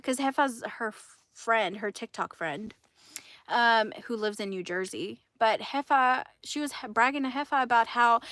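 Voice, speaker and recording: A woman's voice: fairly high pitch, a bit bright, no echo, studio quality. A woman hosting a livestream, telling gossip in a casual, indignant way and laughing often. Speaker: livestream host.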